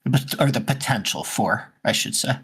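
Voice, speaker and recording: A man's voice: medium pitch, moderate pace, vocal fry, a bit bright, husky. A man co-hosting a podcast, talking casually and rambling with lots of fillers and restarts. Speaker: podcast co-host. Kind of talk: casual chat.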